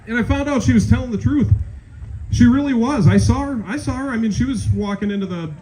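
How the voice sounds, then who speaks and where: Self-deprecating Minnesotan comic, high voice. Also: male voice, brisk, mellow, rough recording. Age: 40s. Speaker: stand-up comedian. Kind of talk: stand-up comedy set. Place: small-town event stage. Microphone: handheld stage mic, held close.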